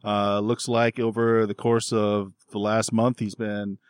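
Low voiced guy running a tabletop game, laid back, lots of uhs, dry close mic. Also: unhurried, clear, resonant tone, no room sound. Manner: relaxed, many fillers and chuckles. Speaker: game master.

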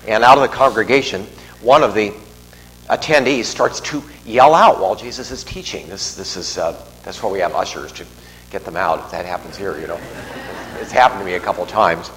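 In a large church full of long reverb and a faint hum, a middle-aged male priest gives a homily. His fairly low, fairly bright voice is animated and brisk, and his talk is conversational and digressive, with restarts and asides.

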